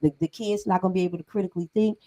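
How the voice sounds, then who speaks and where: A woman's voice: lowish voice, steady tone, rapid-fire, dark tone, no echo, poor audio. A middle-aged woman co-hosting a podcast discussion, talking emphatically and conversationally with frequent laughs. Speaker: podcast co-host.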